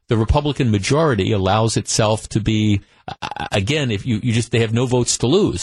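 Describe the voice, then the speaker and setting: A man's voice: mid-range voice, a little mellow, no room sound. A man hosting a talk radio show, telling a story in a conversational monologue full of restarts, on a studio microphone.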